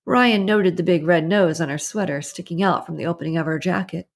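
A woman narrating an audiobook in a steady, even storytelling manner. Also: fairly low pitch, a little fast, vocal fry, husky. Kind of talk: scripted narration.

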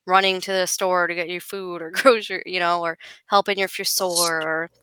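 A woman talking casually as a podcast guest, telling stories in an animated, chatty way. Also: fairly low pitch, fairly quick, a little hiss or hum, rough recording. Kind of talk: casual conversation.

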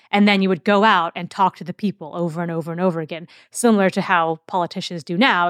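A woman with a fairly low voice hosts an educational podcast, explaining history casually and conversationally, with occasional fillers and restarts. The sound is clean studio audio with no room sound.

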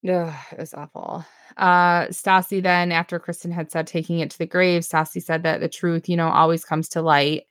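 A woman's voice: fairly low pitch, flat delivery, normal speed, few pauses, dry recording, studio quality. A woman co-hosting a casual podcast, recapping a reality show, chatty and laughing often as she retells scenes.

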